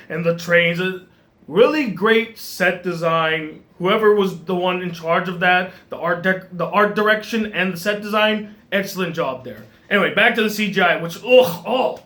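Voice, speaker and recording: A man giving a casual film review in an animated way, often laughing and restarting his sentences. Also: high-pitched. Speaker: movie reviewer.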